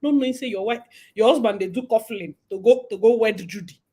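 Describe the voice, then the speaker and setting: Nigerian woman vlogger, husky, pitched a bit high, animated gossip with Pidgin mixed in. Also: fast. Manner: animated, mixes Pidgin, acts out quotes, laughs often. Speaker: vlogger and commentator. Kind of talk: casual gossip commentary.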